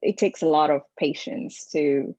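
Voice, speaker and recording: A woman's voice: low voice, steady tone, mellow, no room sound. A woman parent talking hesitantly over a video call, with many restarts. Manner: hesitant, halting with repeated restarts. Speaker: parent asking questions. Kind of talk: casual conversation. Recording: dull lo-fi dry sound.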